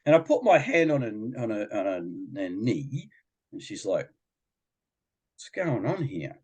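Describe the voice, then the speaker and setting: A middle-aged man talking on a podcast. His pitch swings up and down a lot as he tells the story, and he slips into other people's voices. He sounds casual, chatty and animated. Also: moderate pace, husky. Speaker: guest, behaviour coach.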